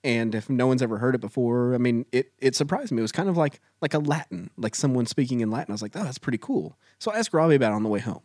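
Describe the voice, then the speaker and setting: Lively man telling a funny story. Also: medium pitch, quick pace, hardly any pauses, dry recording, clean studio sound. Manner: animated, self-mocking storytelling. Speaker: guest storyteller. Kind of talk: casual chat.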